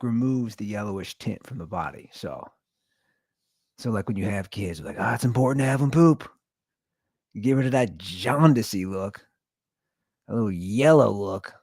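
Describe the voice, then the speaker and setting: Lively rambling male podcast host. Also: mid-range voice, no room sound, clean studio sound. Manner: rambling, joking, self-deprecating; repeats and restarts words. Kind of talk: casual solo podcast rant.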